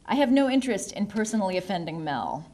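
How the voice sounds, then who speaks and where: A woman narrating a novel in the first person, wry and measured. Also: mid-range voice, very animated, dark tone. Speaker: audiobook narrator.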